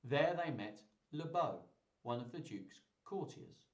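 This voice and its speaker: A man's voice: mid-range voice, lively intonation, a little slow, dull audio. A man hosting a live stream, reading a children's story aloud with playful, chatty asides to his viewers. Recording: roomy echo.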